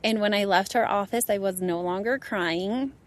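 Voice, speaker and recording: A woman guest on a faith podcast, telling her story earnestly and rising into excited, emphatic bursts. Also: mid-range voice, normal speed. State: becomes a parent, with a baby and a one-year-old. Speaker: guest, inner healing practitioner. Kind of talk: personal faith testimony in conversation.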